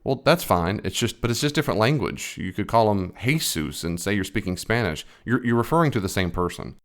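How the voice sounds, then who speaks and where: A man's voice: on the low side, expressive, fairly quick. A man giving a reaction commentary on a theology video, explaining firmly and correcting the speaker.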